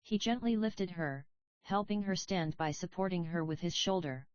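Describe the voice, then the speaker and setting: A woman narrating a story audiobook in an even, measured reading voice. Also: on the low side, no room sound. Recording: dry, slightly dull audio.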